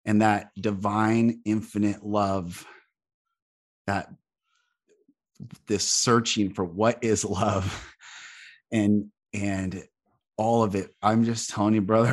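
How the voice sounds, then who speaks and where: Fervent low-voiced man, podcast host. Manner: fervent, repetitive, speaks with swelling emphasis. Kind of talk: emotional spiritual conversation.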